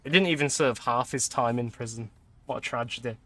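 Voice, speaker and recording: Young male streamer, bright clear tone, chatty, laughs a lot. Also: mid-range voice, brisk. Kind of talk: casual gameplay commentary.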